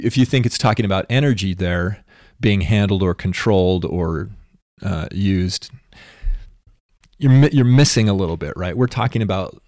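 On a podcast, a co-host with a low, darkish voice muses over religious ideas in casual discussion, thinking aloud, restarting sentences and tossing in tag questions to check he's followed. The sound is dry and close with no echo or room around him.

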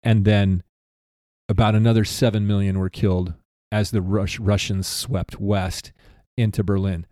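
Man, podcast host, casual rambling talk, mellow warm tone, dry close sound. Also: on the low side, measured pace, no room sound. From United States. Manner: rambling, self-correcting, animated aside. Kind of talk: casual chat.

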